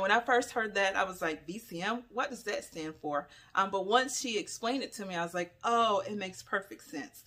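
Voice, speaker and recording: A woman's voice: mid-range voice, bright, forceful tone. A woman giving an earnest spoken testimonial as a consultant, repeating herself with many ums and uhs.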